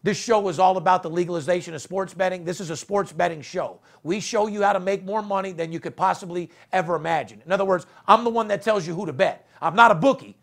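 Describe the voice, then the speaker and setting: A man's voice: high voice, quick pace, creaky, few pauses, a bit bright. A man hosting a sports betting podcast, talking brashly and profanely in casual banter. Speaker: podcast host.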